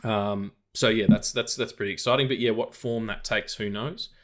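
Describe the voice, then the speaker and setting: A man's voice: fairly low pitch, steady tone, normal speed. Rambling, filler-heavy male podcast host. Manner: rambling, full of fillers and tangents. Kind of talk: casual film news chat.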